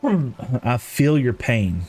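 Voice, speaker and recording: A man's voice: mid-range voice, very animated, extremely slow, mellow, breathy edge, faint music behind. A middle-aged man chatting casually on a game stream, telling rambling stories with chuckles. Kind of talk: casual live-stream chat while gaming.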